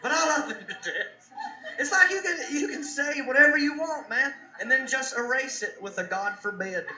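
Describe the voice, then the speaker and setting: A man's voice: very high-pitched, lively intonation, normal speed, pushed and bright. A man doing a stand-up comedy set on a club stage, telling stories and laughing along. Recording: roomy, dull club recording.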